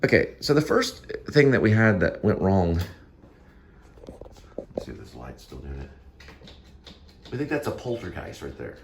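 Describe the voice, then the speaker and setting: A man with a lowish voice talks loosely into his phone camera, his pitch rising and falling a lot. He wanders from one topic to the next and keeps breaking off mid-sentence. It sounds like an unscripted home vlog from an apartment. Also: sing-song, moderate pace, pauses often, slight background noise. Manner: rambling, self-interrupting, jumps between topics. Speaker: vlog host. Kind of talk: rambling casual vlog. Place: apartment indoors. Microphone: handheld phone camera selfie.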